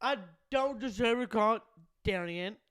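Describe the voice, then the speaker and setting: Young guy cohost, kinda high smooth voice, mock offended joking. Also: unhurried, fairly bright tone. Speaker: podcast co-host. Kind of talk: casual chat.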